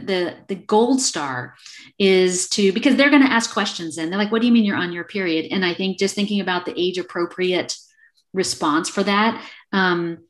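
A middle-aged woman in casual conversation, speaking openly and acting out little snippets of dialogue as she explains. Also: lowish voice. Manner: animated, acts out little dialogues. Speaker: guest.

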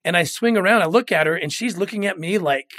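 A man's voice: high voice, fast talker, fairly bright tone, dry recording, clean studio sound. A middle-aged man, a guest in an interview, telling a moving story earnestly and often repeating words when moved.

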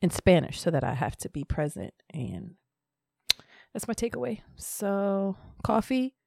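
Woman cohost talking real slow and easy, dry close sound, laughs easy. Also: medium pitch, big pitch swings, creaky, dark tone, no room sound. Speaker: podcast co-host. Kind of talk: casual chat.

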